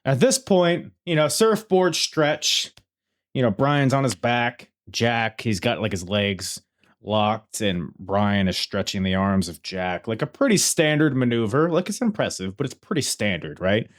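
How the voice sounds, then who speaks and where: A man hosting a casual wrestling review podcast, talking excitedly, laughing and swearing as he tells the story. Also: medium pitch, measured pace. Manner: excitable, swears freely, laughs while telling. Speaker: podcast host.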